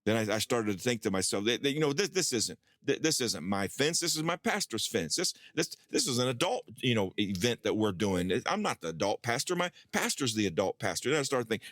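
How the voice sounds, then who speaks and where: A pastor telling a personal story in a sermon, acting out his own past dialogue with lively rises in pitch. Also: a little fast, hardly any pauses, no room sound, studio quality.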